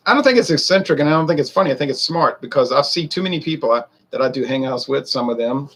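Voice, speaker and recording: A man's voice: mid-range voice, expressive, quick pace, a bit bright. A man in his forties who reviews whiskey, rambling and a bit defensive as he talks straight to his viewers. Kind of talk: casual talk to camera.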